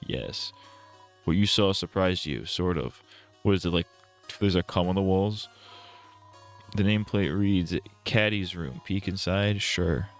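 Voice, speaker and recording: A man's voice: low-pitched, measured pace, long pauses, soft background music. A male streamer casually reading game text aloud with irreverent, crude asides.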